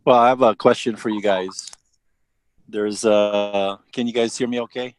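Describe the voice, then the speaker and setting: A man's voice: lowish voice, fairly even intonation, normal speed, no echo. A man leading his team, talking directly and asking the group questions. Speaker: team leader. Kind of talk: coaching a team in a meeting.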